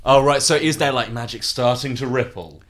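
A man playing a tabletop game who sounds excitable and giggly. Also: mid-range voice, moderate pace. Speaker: player.

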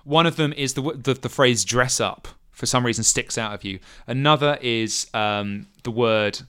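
A man's voice: medium pitch, normal speed, fairly bright tone, clear, resonant tone. A man narrating as game master of a tabletop game, playful and storytelling.

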